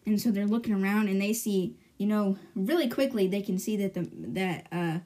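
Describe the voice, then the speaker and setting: A woman's voice: mid-range voice, normal speed, mellow. A woman hosting a podcast, casually retelling a book's chapters in a chatty way full of "like" and "you know". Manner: chatty, filler-heavy, lots of "like" and "you know". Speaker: podcast host. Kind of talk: casual book recap.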